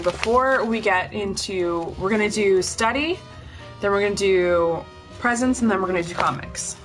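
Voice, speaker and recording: A woman's voice: mid-range voice, fairly bright tone. A young woman livestreaming from home, chatting casually and rambling to her viewers, breathing heavily through a stuffy nose. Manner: chatty, rambling, addresses chat directly.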